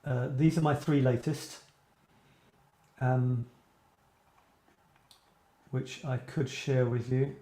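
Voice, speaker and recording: A man's voice: mid-range voice, steady tone, takes it slowly, long pauses, warm tone. A man hosting a casual live-stream about writing, rambling and musing aloud as he reacts to viewers' posts. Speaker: writing coach and live show host. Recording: echoey room.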